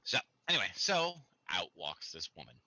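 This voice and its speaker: A man's voice: low-pitched, sing-song, moderate pace, pushed and bright, no echo. A man narrating as game master in a loose, chatty way with fillers.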